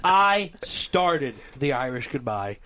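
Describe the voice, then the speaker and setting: A young American man chatting casually, animated and joking as he tells a story. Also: medium pitch, very noisy. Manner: animated, storytelling, quick to joke. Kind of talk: casual podcast banter.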